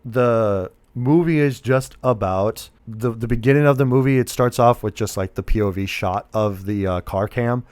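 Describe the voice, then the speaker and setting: Man, podcast co-host, smooth clear voice, dry close sound. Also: mid-range voice, moderate pace, few pauses, darkish tone, dry recording. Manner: rambling, retells film scenes with quotes. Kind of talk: casual movie review chat.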